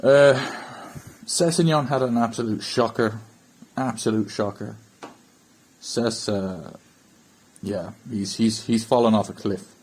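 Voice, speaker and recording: A man's voice: lowish voice, darkish tone, rough recording. An Irish man hosting a football fan channel, ranting bluntly about a bad match and swearing in frustration. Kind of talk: ranting match review to camera.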